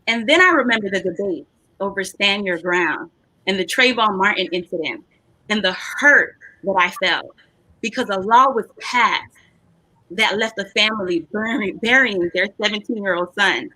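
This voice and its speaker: Woman, thirties, candidate, impassioned speech, rising cadence, bright sharp voice, dry close sound. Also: medium pitch, dry recording, low-quality recording. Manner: passionate, preacher-like cadence. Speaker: political candidate. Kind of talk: impassioned personal speech on a panel.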